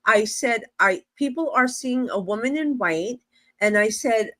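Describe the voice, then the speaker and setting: Speaking a little slowly in a slightly high voice, this New Jersey-accented woman in middle age, a psychic medium, recounts a story on a podcast. She acts out the conversations, laughs frequently, and the recording has no room sound.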